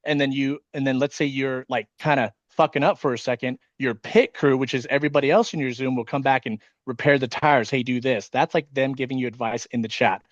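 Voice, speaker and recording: Fast-talking, nervous man on a video call. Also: medium pitch, steady tone, no room sound, lo-fi sound. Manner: fast, casual, swears often. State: nervous and wired on caffeine. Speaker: insurance sales team leader. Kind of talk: casual talk on a video call. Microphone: video call microphone.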